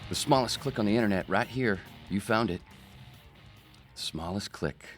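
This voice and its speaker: A man's voice: lowish voice, moderate pace, faint music behind. A man hosting his own comedy podcast, talking in a rambling, sarcastic, profane monologue. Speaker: podcast host.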